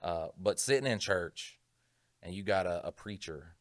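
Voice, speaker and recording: A man's voice: sits low, animated, measured pace, no echo, clean studio sound. A man co-hosting a podcast, telling rambling, profane stories in casual chat. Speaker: podcast co-host.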